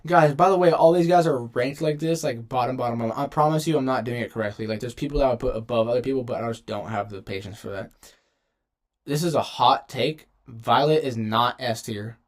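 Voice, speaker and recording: A man's voice: medium pitch, a little fast. Rambling young man ranking game characters. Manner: rambling, slangy, self-interrupting. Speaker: gaming video creator. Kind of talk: casual tier-list commentary.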